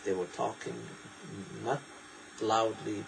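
A man preaching a sermon, explaining scripture in a digressive, lively way and reciting in quick bursts. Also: on the low side, gravelly, a little hiss or hum, rough recording.

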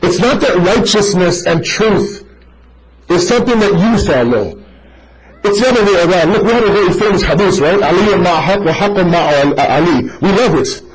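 Man, high voice, preaching a lively, story-driven sermon straight at the congregation. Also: fairly quick, poor audio. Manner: animated, addressing listeners directly as brother; tells stories to make a point. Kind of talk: sermon to a live audience.

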